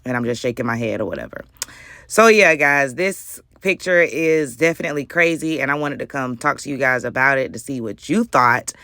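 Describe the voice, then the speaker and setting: A woman vlogger telling a story in a casual, animated, slangy way with frequent laughter. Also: a bass voice, fairly quick, no echo, studio quality. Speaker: YouTube vlogger. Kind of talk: casual commentary vlog.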